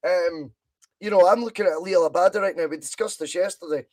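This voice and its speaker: A man's voice: sits high, a little fast. A man with a Scottish accent hosting a football podcast, talking animatedly and butting in with questions. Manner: animated, interjecting and teasing. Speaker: podcast host. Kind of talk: casual football chat.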